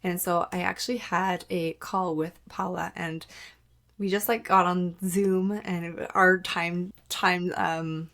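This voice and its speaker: A woman hosting a solo podcast, her voice pitched a little low with a gravelly fry running through it. She talks candidly and casually, peppering her sentences with "like" and acting out her own past remarks. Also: fairly even intonation, takes it slowly, a bit bright. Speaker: podcast host.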